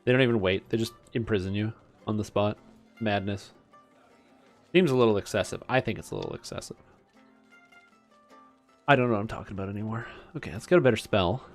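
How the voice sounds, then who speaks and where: A man's voice: fairly low pitch, a little fast, pauses often, faint music behind. A young Canadian man streaming a game, with a Canadian accent, rambling and joking in casual, self-mocking commentary.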